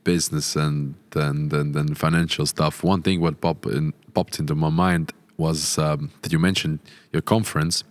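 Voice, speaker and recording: A young man with a very deep voice, a Latvian native speaker hosting a podcast. He asks his questions hesitantly, with many pauses and fillers as he searches for words. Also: little pitch movement. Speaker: podcast host, club co-owner. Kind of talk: interview questions.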